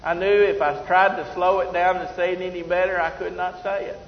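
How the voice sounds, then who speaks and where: Preacher guy, folksy and self-joking, kinda high voice, big echoey church, muffled sound. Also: level tone, brisk. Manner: folksy storytelling, laughing at himself. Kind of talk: sermon. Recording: roomy hall, slightly dull sound.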